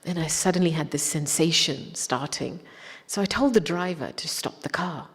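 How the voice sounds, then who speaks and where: A woman giving a spiritual talk, recalling a personal story in a reflective, gentle way. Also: low-pitched, normal speed, husky, long reverb tail. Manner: reflective, gentle anecdotal telling. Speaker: spiritual speaker.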